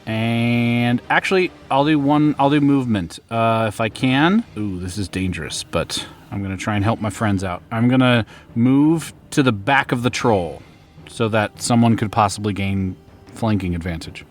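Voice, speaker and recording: A man playing a tabletop game, excitable and laughing often as he describes his character's moves. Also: medium pitch, normal speed, faint music behind. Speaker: player. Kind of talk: casual tabletop game play.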